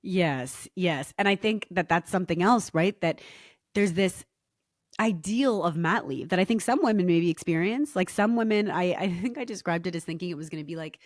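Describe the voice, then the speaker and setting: A woman's voice: lowish voice, normal speed, no room sound, studio quality. Candid, reflective woman podcast guest. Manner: candid, reflective, often laughs. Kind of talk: casual podcast chat.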